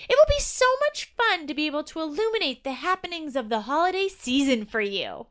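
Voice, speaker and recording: A bubbly little elf ornament from a Christmas storybook, chirping high and bright, as a woman reads it aloud. The voice sits far above a normal speaking pitch and keeps its lively, eager lilt. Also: fairly quick. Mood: excited.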